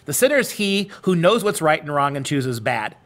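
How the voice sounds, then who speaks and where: A man's voice: a little high, big pitch swings, normal speed, fairly bright tone. A man hosting an interview, earnest and conversational, often restarting words mid-thought. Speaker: host.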